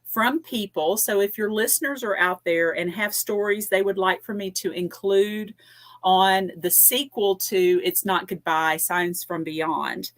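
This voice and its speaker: A woman's voice: medium pitch, unhurried. A woman from Tennessee with a Southern twang, talking as a podcast guest in an easygoing, plain-spoken way. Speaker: podcast guest, paranormal investigator. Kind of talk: casual podcast conversation.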